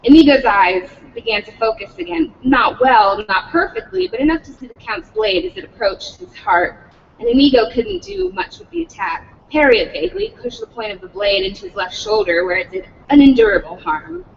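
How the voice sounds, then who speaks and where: Woman reading aloud with lively pitch. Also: moderate pace, gravelly, long reverb tail, recorded from a distance, dull audio, slight background noise. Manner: adds profanity, breaks off laughing. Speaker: reader at a public read-in.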